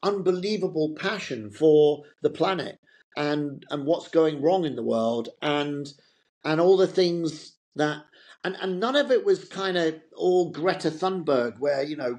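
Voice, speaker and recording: A man's voice: fairly high pitch, lively intonation, a little slow, a little mellow. A middle-aged man, a fashion entrepreneur as an interview guest, telling loose, rambling stories in a chatty way. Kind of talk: casual anecdotal interview talk.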